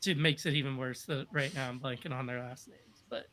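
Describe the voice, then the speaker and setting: A man's voice: mid-range voice, steady tone, fairly quick, bright, forceful tone. A man telling stories on a podcast in a casual, upbeat, rambling way with lots of fillers. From United States. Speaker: podcast guest. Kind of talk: casual storytelling.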